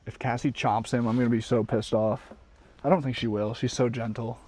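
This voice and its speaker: A man live-streaming from inside his van, chatting casually with viewers and his dog, excitable and swearing freely. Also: mid-range voice, brisk. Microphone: desk mic.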